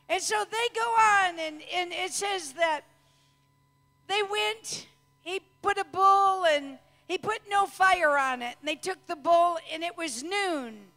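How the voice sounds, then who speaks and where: A woman preacher with a very high, bright voice, delivering a fervent sermon that swells into shouts. She speaks slowly and deliberately. The sound carries a long reverb, as in a large church hall. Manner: fervent, rises to shouts and drawn-out declarations.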